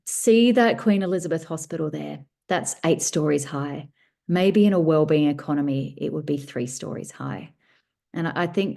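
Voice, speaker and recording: Low-voiced woman author on a call. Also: dark tone. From Australia. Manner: thoughtful, rambling with restarts. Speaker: guest author. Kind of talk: casual workshop answer.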